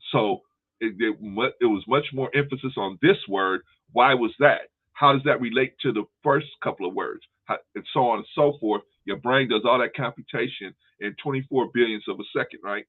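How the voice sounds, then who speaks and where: A man's voice: medium pitch, normal speed. A man hosting a casual discussion, explaining his points at length with everyday analogies and frequent restarts. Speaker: host. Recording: tinny phone line.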